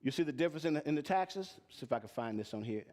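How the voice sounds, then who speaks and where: A man's voice: on the high side, expressive, very fast, a little mellow. A man teaching tax and payroll to a live audience, plain-spoken and emphatic, often asking them questions. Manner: asks the audience repeated questions. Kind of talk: live-streamed teaching talk.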